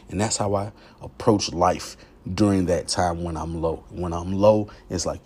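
A man hosting a podcast, talking in a candid, profane, confessional monologue that swings from low murmurs to heated outbursts. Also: fairly even intonation, normal speed, darkish tone. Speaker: podcast host.

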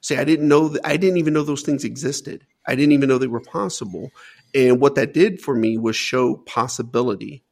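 A man with a gravelly, fry-edged voice tells his own story as an interview guest. He talks earnestly, restarting and repeating words as he gathers his thoughts. His pitch sits in an ordinary middle range. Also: fairly quick. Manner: earnest, repeats words while searching for them. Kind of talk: personal storytelling.

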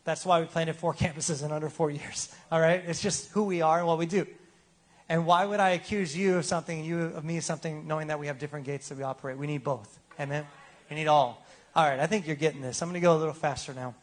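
A man's voice: on the high side, steady tone, fast. A man preaching a sermon as pastor in a casual, joking way, often asking the congregation for replies.

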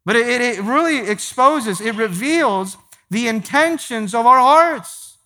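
A pastor preaching a sermon to his church, emphatic, repeating phrases and slowing down to stress key points. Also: very high-pitched, expressive, pushed and bright. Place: large church sanctuary. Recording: long hall reverb.

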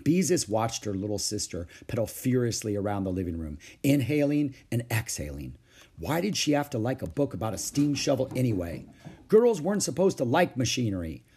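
A man reading a children's book aloud with expressive storytelling. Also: mid-range voice, fairly quick, husky. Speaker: storybook reader.

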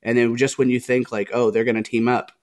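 A man co-hosting a casual podcast, chatting in a relaxed way, recounting scenes at length and laughing often. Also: medium pitch, a little fast. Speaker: podcast co-host. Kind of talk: casual podcast discussion of a TV show.

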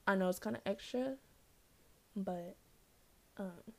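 A young woman hosts her own solo podcast, sounding out of breath as she talks slowly at medium pitch with vocal fry. She chats casually and rambles, using lots of slang and "like."

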